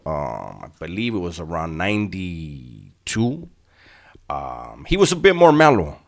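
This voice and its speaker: A middle-aged man with a very low voice. He tells a story in a laid-back, streetwise way, heavy on slang and swearing. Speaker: channel host telling prison stories. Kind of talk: casual storytelling to viewers.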